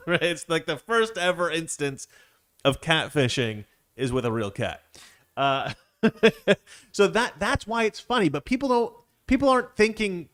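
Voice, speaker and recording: A man's voice: fairly high pitch, fairly bright tone. A young man hosting a show, giving casual, sarcastic commentary with frequent laughs. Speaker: show host.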